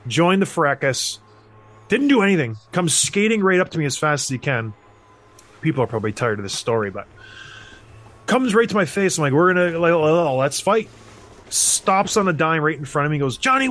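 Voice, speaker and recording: A man's voice: a little high, fairly bright tone. A man in his thirties telling a hockey story in casual chat, acting out the voices of the people he quotes. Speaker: podcast host, former hockey player.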